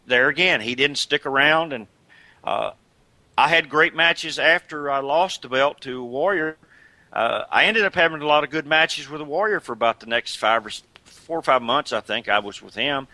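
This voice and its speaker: An older man telling stories in a casual interview, lively and chatty, and he slips into impressions along the way. His voice is bright and forceful, and it sits close and dry on the mic. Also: medium pitch, no room sound. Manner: chatty and animated, breaks into imitations and laughs. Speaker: guest, retired wrestler.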